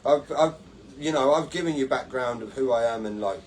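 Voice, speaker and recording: A man's voice: mid-range voice, brisk, slight background noise. A man hosting a casual podcast-style livestream, talking in a rambling, sweary way and laughing at his own stories. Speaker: livestream host.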